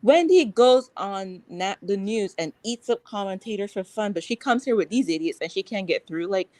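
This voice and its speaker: A woman's voice: mid-range voice, expressive, moderate pace, darkish tone, no echo, low-quality recording. A woman guest in a casual chat, speaking frankly and rambling with lots of fillers.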